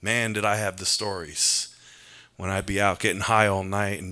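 A man's voice: lowish voice, animated, moderate pace, bright, forceful tone. A man from New preaching an earnest, conversational sermon, mixing scripture with personal confession. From New York. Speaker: pastor.

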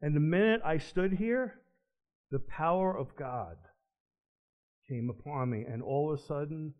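Man sharing his faith story, earnest, animated then hushed, muffled lo-fi recording. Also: fairly high pitch, measured pace. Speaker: ministry speaker. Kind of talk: personal testimony. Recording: dull lo-fi recording.

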